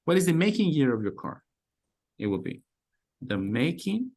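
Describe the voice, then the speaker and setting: A man's voice: a little high, very animated, normal speed, pauses often, darkish tone, slightly rough. A man teaching call center English on a video call, repeating phrases and encouraging the learners. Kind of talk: online class coaching.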